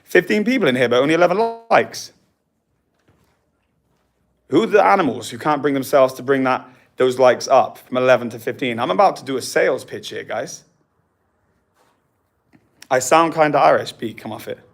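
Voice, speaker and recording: A man's voice: mid-range voice, lively intonation, fairly quick. Chatty young man hosting a livestream. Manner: chatty, laughs easily. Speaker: vlog host. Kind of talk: casual livestream chat.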